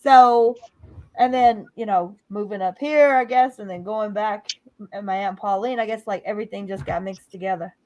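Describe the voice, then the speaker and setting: A woman's voice: mid-range voice, moderate pace, a little mellow, dry recording. A woman from the American South with a Southern accent touched by Cajun, chatting casually on a livestream, hesitant and rambling, repeating herself.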